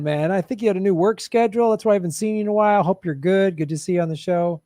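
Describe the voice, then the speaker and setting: A comedian host answering live chat in a casual, sarcastic, joking way, swearing and laughing often into a studio microphone. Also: male voice, high voice, very fast, dark tone, no room sound.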